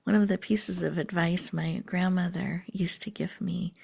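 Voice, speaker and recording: A woman hosting a guided breathing meditation speaks in a low, soft, unhurried voice with a steady tone. She often drifts into breathy half-whispers, and a gravelly edge runs through her voice.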